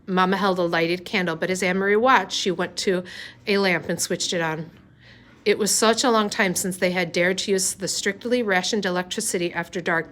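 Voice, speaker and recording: A woman reading a novel aloud, unhurried, with small slips and restarts. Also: fairly low pitch, a bit bright. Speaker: reader.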